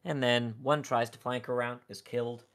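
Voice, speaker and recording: A man's voice: mid-range voice, steady tone, moderate pace, fairly bright tone, smooth. A man casting an esports match play-by-play, his energy rising when the fights break out. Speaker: esports caster.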